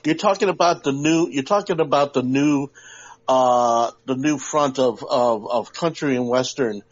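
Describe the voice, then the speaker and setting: A man's voice: mid-range voice, measured pace. A man co-hosting a podcast in casual chat, rambling with many restarts and fillers. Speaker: podcast co-host. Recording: lo-fi live audio-app stream.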